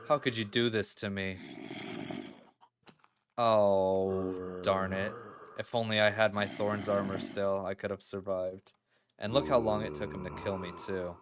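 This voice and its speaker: A man's voice: fairly low pitch, normal speed. A man chatting casually through his building game, exclaiming and laughing readily as he talks straight to his viewers. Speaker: gaming video creator. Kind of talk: casual let's-play commentary.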